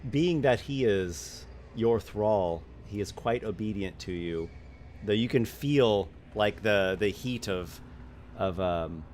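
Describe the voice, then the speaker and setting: A man running a tabletop role-playing game as game master, describing scenes in halting narration full of fillers. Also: fairly low pitch, darkish tone, a little hiss or hum.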